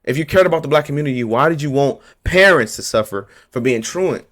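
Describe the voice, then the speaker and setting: A man's voice: mid-range voice, animated, fairly quick, fairly bright tone. A man ranting to camera about politics, heated and confrontational, hammering his points by repeating them in blunt street slang. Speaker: vlogger.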